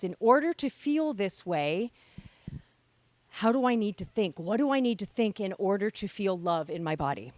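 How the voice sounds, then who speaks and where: A woman's voice: mid-range voice, no room sound. A woman in her forties gives a motivational talk at a women's event. She tells her own story candidly and earnestly. Her voice sits in a middle register and sounds close and dry. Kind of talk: motivational speech. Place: event hall with live audience.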